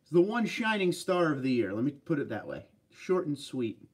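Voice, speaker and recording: A man hosting a casual livestream, answering viewer comments in a relaxed, chatty way. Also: on the high side, normal speed, husky, distant mic. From Pennsylvania. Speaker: livestream host reading chat. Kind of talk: casual live chat.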